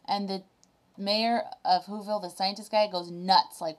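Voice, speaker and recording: A woman vlogger casually retelling a children's story to camera, animated and reflective. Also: medium pitch, moderate pace.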